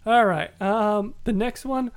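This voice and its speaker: A podcast co-host speaks with a gravelly, creaky voice. They ramble casually, laughing as they go and groping for names. The sound is loose and conversational. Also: medium pitch, takes it slowly. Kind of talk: casual chat.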